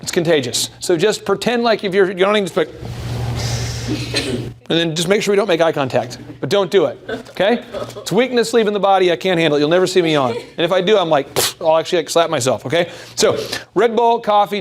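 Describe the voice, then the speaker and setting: A man coaching a live workshop audience, emphatic and repeating key points with rhetorical questions. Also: high-pitched. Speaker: business coach. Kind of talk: motivational workshop talk.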